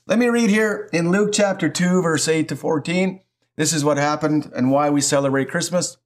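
A middle-aged man preaching a sermon as pastor, emphatic and animated, with lots of repetition. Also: fairly high pitch, normal speed.

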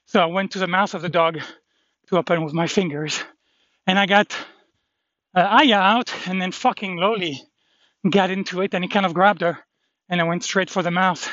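Still rattled and full of adrenaline after a dog fight, a man vlogs about it, rambling, cursing under his breath, and letting his sentences trail off. His voice sits high and bright, with a steady tone at a normal speed and frequent pauses, on a dry, muffled recording.

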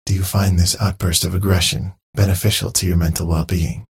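A man's voice: sits low, flat delivery, a little fast, a little mellow, exaggerated voice. A man voicing a clinical male training robot. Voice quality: husky, creaky. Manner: stiff, clinical phrasing. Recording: dry close mic, faint music.

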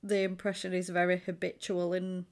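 A woman's voice: fairly low pitch, moderate pace. A woman, co-hosting a podcast and animatedly retelling a film in casual chat. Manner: chatty, animated storytelling.

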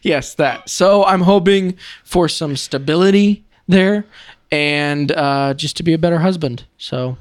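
Young man, slightly high, smooth voice, hesitant, dry sound. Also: measured pace, no room sound. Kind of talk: casual chat.

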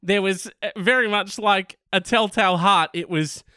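A man hosting a podcast, reading odd news stories in a casual, joking way, with ranting asides, a little hoarse and coughing. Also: high-pitched, moderate pace, pushed and bright, no room sound, studio quality. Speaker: podcast host.

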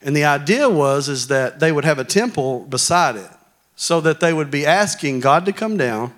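A man's voice: on the high side, animated, moderate pace, fairly bright tone. A man preaching a sermon in a church hall, talking conversationally and joking with the congregation.

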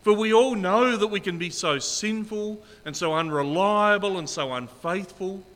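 A man's voice: sits high, moderate pace, a bit bright, big-room sound. A middle-aged man preaching a sermon as pastor, earnest and emphatic, repeating key phrases.

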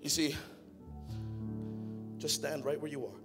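A young adult man preaching an energetic sermon, rising to shouted, half-sung exhortation. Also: a little high, unhurried. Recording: music playing behind.

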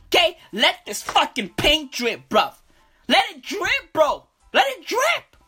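A woman's voice: sits high, huge pitch swings, takes it slowly, sharp tone, faint music behind, exaggerated voice. A woman playing a boastful, foul-mouthed male street bro who talks in cursing slang and keeps saying "bruv", in a comedic character monologue.

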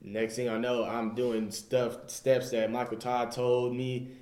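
Slow and slightly mellow, this young man's medium-pitched voice barely moves in pitch, and the recording is reverberant. Sharing his faith story with a group as a casual testimony, he rambles earnestly, retelling his own words with "I was just like."

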